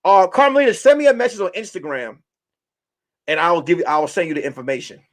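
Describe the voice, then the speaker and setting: A man, a comedian, chatting casually to his viewers in a loose, animated way, slipping into song and mock voices. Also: high-pitched, fast talker. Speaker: comedian and vlogger. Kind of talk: casual vlog chat.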